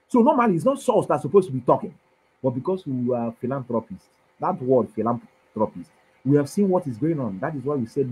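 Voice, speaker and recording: Husky man preaching politics. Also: medium pitch, very animated, a little fast, rough recording. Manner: emphatic, preachy, swings between loud and soft. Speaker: commentator. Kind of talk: impassioned political monologue.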